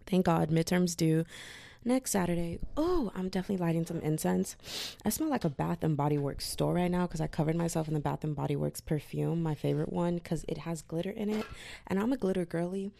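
A woman's voice: on the low side, a little fast, gravelly, mellow, slight background noise. A young woman hosting a casual solo podcast, chatty and slangy, with lots of "like". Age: young adult. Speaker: podcast host.

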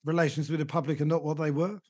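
A man's voice: a little high, level tone, fast, a little mellow, breathy edge. A man with a British English accent, co-hosting a podcast and telling rambling comic anecdotes with chuckles. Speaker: podcast co-host. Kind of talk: casual chat.

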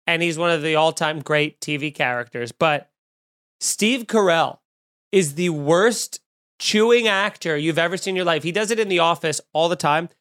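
A podcast host with a high-sitting, clean voice launches into animated rants, mixing jokes with profanity in easygoing talk. He's eating and drinking right at the mic.

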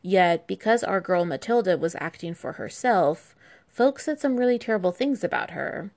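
A woman's voice: medium pitch, expressive, moderate pace, darkish tone. A woman telling medieval history in an irreverent, sarcastic way, with profane asides. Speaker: history podcast host.

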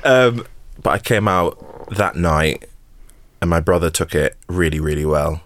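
Deep-voiced man. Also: unhurried, fairly bright tone, no room sound, studio quality. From England. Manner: open, emotional, repeats words, laughs through hard memories. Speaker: actor and podcast guest. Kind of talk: candid personal storytelling.

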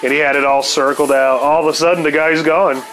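A man's voice: on the high side, steady tone, a little fast, fairly bright tone, faint music behind. A man telling a rambling, profane story on his podcast, laughing now and then. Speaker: podcast host. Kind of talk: casual storytelling monologue.

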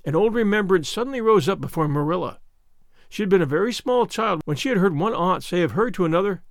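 Male storybook narrator, high and lively, dry booth sound. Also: fast talker, gravelly, no echo. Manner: expressive, animated. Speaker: audiobook narrator.

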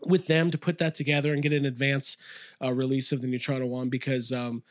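A man's voice: medium pitch, level tone, fairly quick, no echo, clean studio sound. A man co-hosting a casual podcast from his toy room, enthusiastic and rambling with lots of fillers. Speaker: podcast co-host. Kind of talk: casual chat.

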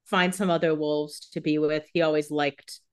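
A woman co-hosting a relaxed recap podcast who tosses in jokes and sarcastic remarks. She talks loosely and fills her sentences with "like." Her voice sits a little low. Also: normal speed, smooth. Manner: joking asides with many "like" fillers. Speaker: podcast co-host. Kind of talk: casual recap chat.

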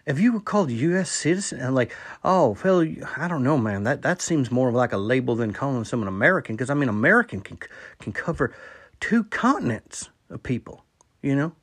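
A man's voice: mid-range voice, lively intonation, fairly quick, breathy edge. A man rambling through a comic voice message to a podcast host, stammering, repeating himself and contradicting his own jokes. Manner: absurd self-contradicting asides. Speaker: listener sending a voice message to a podcast. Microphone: phone voice recorder.

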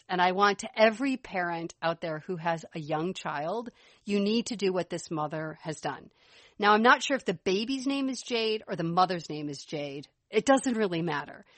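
A woman's voice: fairly low pitch, animated, moderate pace, no echo. A woman co-hosting a podcast, chatting enthusiastically and laughing as she talks. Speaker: podcast co-host. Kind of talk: casual chat.

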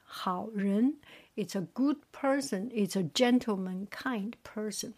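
A woman teaching vocabulary in a very slow, soft voice that often drops to a whisper. She says each word twice, then gives its meaning. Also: mid-range voice. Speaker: language teacher. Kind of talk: soft whispered tone-drill lesson.

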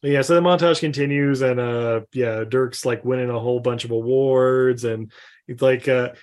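A man recapping a movie in casual chat, laughing often and quoting scenes in quick voices. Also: medium pitch, fairly even intonation.

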